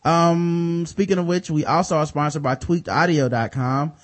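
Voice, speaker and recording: A man's voice: on the high side, steady tone, moderate pace. A man hosting a podcast in casual chat, reading sponsor spots in a loose, jokey, profane way with lots of fillers. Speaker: podcast host.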